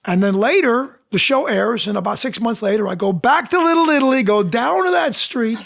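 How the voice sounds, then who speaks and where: A man with a fairly high voice talks as a podcast guest. He tells his stories with animation and acts out the people he quotes. He speaks as a seasoned actor and dialect coach. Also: expressive, a little fast, creaky, a bit bright. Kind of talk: casual interview storytelling.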